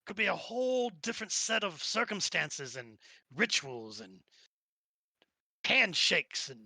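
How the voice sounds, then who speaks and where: A man's voice: sits high, very animated, unhurried, vocal fry, bright, forceful tone, no room sound, heavily acted. A man voicing a gossipy dockside trader with a put-on Brooklyn accent. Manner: chatty, laughing often.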